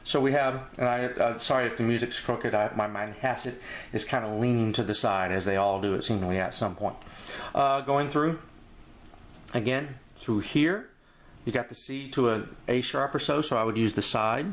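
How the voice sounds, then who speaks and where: A man teaching a jazz etude in a relaxed, rambling way, walking through the music and scatting phrases aloud. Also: medium pitch, normal speed. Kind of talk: casual instructional walkthrough.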